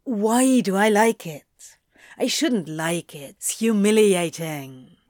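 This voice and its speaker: A woman's voice: medium pitch, animated, slow, darkish tone, no echo, clean studio sound. A woman voicing a grumbling, prickly man. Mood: sighing. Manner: irritable, snappish. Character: prickly, grumbling adult man, easily flustered. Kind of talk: audiobook reading of fan fiction.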